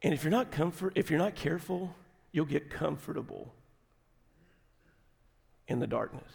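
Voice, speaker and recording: A middle-aged man preaching a sermon, folksy and animated, dropping at times to a quiet, intimate tone. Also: fairly high pitch, normal speed, creaky, husky. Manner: folksy, animated storytelling with sudden drops to quiet, intimate delivery. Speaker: pastor. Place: large church sanctuary. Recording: long hall reverb.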